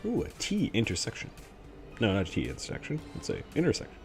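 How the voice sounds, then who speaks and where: A man giving playful live commentary while playing a retro role-playing game, muttering asides to himself and sometimes dropping to a hush. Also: medium pitch, huge pitch swings, quick pace, creaky, faint music behind. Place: home streaming setup.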